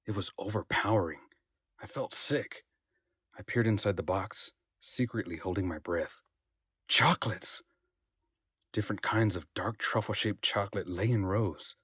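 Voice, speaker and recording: A man reading a first-person audiobook passage in a measured, storytelling way. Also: lowish voice, a bit bright, breathy edge, no echo, studio quality. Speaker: audiobook narrator.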